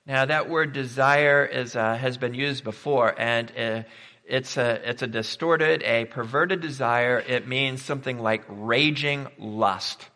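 A man preaches a sermon in an easy, conversational manner, thinking aloud with rhetorical questions and the odd "uh". His voice is bright and clear at a middle pitch. It carries with a long reverb through a large hall. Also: a little slow.

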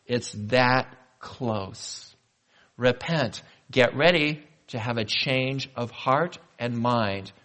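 A male pastor delivering a sermon in a conversational manner, asking the congregation questions and slowing down for emphasis. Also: mid-range voice, fairly bright tone. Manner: conversational preaching with rhetorical questions and slow emphatic pauses.

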